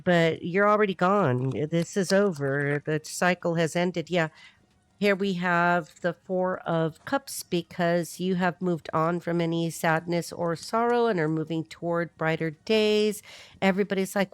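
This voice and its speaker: A woman's voice: fairly low pitch, smooth, no room sound. Chatty woman giving a tarot reading. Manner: chatty, laughing often, quick asides. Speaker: tarot reader.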